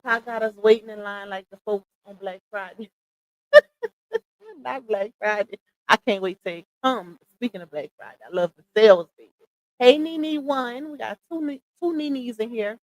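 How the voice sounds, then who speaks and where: Woman doing a livestream, aave, shouting out viewers, kinda high voice, dry close mic. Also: lively intonation, moderate pace, no room sound, poor audio. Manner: chatty, warm shout-outs with laughs. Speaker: livestream host. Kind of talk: casual livestream chat, greeting viewers.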